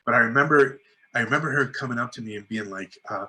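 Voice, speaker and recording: With a medium pitch and a quick pace, a middle-aged filmmaker tells lively stories as a guest in a casual interview. He acts out people's dialogue and fills his talk with "like" and "you know."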